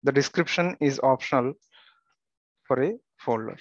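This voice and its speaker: Male tutorial instructor, even mid pitch, dry muffled lo-fi mic, plain walkthrough delivery. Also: moderate pace, dry recording. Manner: steady step-by-step instructions with occasional fillers and restarts. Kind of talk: screen-recorded software tutorial.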